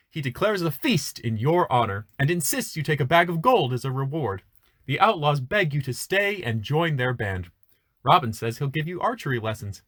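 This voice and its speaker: A man reading a choose-your-own-adventure book aloud in an expressive storytelling manner, adding casual asides. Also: fairly high pitch. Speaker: reader, channel host.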